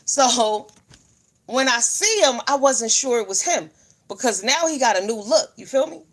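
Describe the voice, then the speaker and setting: A woman's voice: fairly high pitch, normal speed. Brash woman livestream host, cussing freely through long stories. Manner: loud, profane, animated storytelling, greets viewers mid-story. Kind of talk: casual storytelling livestream.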